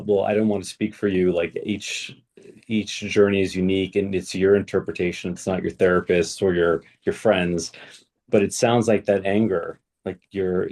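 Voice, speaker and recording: Male co-host, very low and creaky voice, reflective, halting delivery. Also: darkish tone. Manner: hesitant, reflective, with restarts. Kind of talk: casual conversation.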